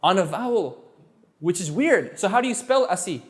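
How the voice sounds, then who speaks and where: Animated high-voiced man teaching Spanish. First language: French. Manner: animated, quick, with playful asides and repeated words. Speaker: Spanish tutor. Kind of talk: energetic one-on-one language lesson.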